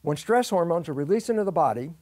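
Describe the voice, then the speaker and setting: A man's voice: fairly high pitch, fast talker, dry recording. A man being interviewed as a guest scientist, explaining at length and acting out both sides of imagined conversations. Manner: lively, acts out both sides of imagined dialogues.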